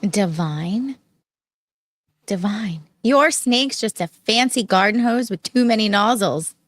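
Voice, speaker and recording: Woman, podcast co-host; playful, needling, quick with a jab, plain dry sound. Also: on the high side, a bit bright, dry recording. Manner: teasing, quick comebacks. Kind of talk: casual podcast banter.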